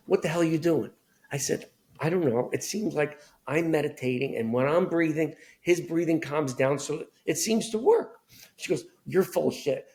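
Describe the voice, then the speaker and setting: A middle-aged man telling candid family stories as a podcast guest, animated, acting out voices of relatives. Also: a little high. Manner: animated storyteller, acts out family members' voices. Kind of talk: candid storytelling conversation.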